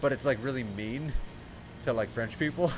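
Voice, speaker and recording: A man's voice: mid-range voice, moderate pace, background noise. Chatty man streaming a game. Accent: American. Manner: chatty, self-deprecating, laughs often. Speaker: gaming livestreamer. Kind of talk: casual gameplay commentary.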